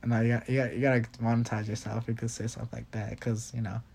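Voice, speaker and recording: A man's voice: mid-range voice, flat delivery, fast, vocal fry, darkish tone, breathy edge. A young man co-hosting a casual podcast, bickering with his brother, laughing often and repeating himself. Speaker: podcast co-host. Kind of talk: casual chat.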